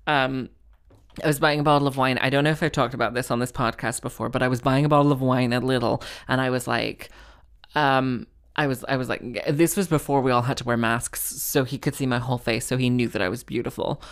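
Very deep-voiced rambling woman podcaster. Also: smooth. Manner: rambling, self-mocking, jumps between tangents. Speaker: podcast host. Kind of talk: casual comedic storytelling.

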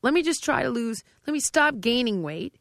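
A woman's voice: on the high side, normal speed, gravelly, no room sound, studio quality. A middle-aged woman, a fitness trainer, speaking emphatically and directly in a conversational interview. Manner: emphatic and direct, with animated quoted dialogue.

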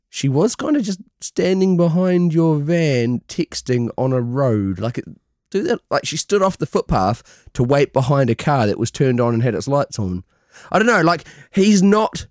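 A man's voice: fairly high pitch, animated, moderate pace, no room sound, studio quality. Giggly man telling a story. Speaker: podcast co-host. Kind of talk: casual drunk banter.

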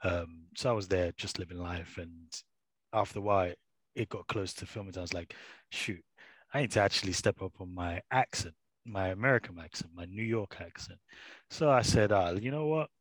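A man from England with a British accent, a guest actor telling an anecdote in a lively way with lots of filler phrases. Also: on the low side, dry recording. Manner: lively storyteller, many "you know" fillers.

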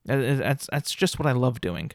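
A man's voice: medium pitch, animated, normal speed, no room sound, studio quality. Exasperated ranting male podcast host. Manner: exasperated, ranting, many fillers and restarts. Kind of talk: solo podcast rant.

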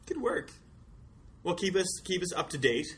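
A man with a bright, forceful voice, chatting loosely and joking as a podcast co-host. Faint noise sits under the recording. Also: high-pitched, big pitch swings, moderate pace. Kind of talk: casual chat.

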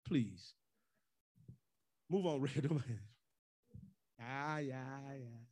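A man's voice: mid-range voice, very slow, long pauses, a little mellow. A man preaching as pastor in a loose, joking way, slipping into the voices of church folk. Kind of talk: conversational sermon.

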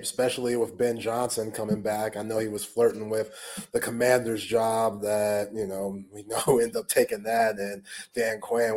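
A man co-hosting a sports podcast, easygoing, with quick agreeing asides and questions for the guest. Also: fairly low pitch. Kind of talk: casual sports talk.

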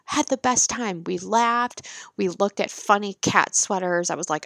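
A woman's voice: medium pitch, normal speed, dry recording. A woman, telling frank, profane stories about motherhood in a candid monologue. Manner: frank, profane, animated storytelling.

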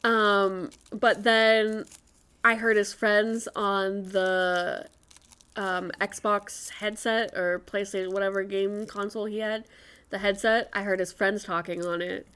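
A woman's voice: medium pitch, level tone, slow pace, a bit bright, smooth. A young woman co-hosting a podcast, telling candid stories in casual chat and laughing often. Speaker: podcast co-host.

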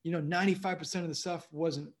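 A man's voice: on the high side, steady tone, quick pace. A man, a stand-up comedian, telling stories casually in a podcast interview, rambling with lots of "you know what I mean.". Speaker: comedian guest.

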